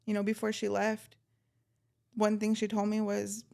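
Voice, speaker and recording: A woman hosting a podcast who speaks in a heartfelt, halting way with many fillers. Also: medium pitch, completely flat delivery, creaky, mellow. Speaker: podcast host. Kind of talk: casual interview chat.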